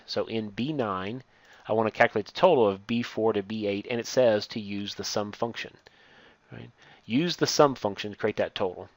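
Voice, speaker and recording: A man teaching a step-by-step software lesson, reading each instruction aloud and then explaining it as he works on screen. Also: lowish voice, moderate pace, no room sound. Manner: reads steps aloud, then explains while clicking. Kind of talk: software tutorial walkthrough.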